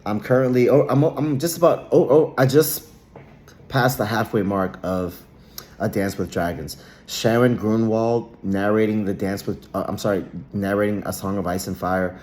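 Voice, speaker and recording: Male vlogger, low voice, rambling casual talk with many restarts, faint noise underneath. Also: fairly even intonation, normal speed, darkish tone. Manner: rambling, with frequent restarts and repeated words. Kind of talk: casual solo monologue.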